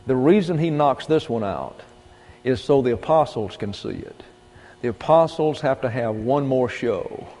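Folksy preacher with a mellow voice in a reverberant hall. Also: male voice, medium pitch. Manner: folksy, emphatic preaching with rhetorical questions. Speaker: pastor. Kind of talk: sermon.

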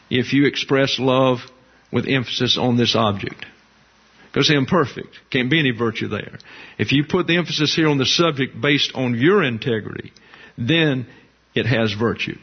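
A man preaching in a deliberate teaching manner, pausing and repeating words for emphasis. His voice sits at a middle pitch. The recording sounds slightly dull and lo-fi. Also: slightly rough. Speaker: pastor. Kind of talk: sermon.

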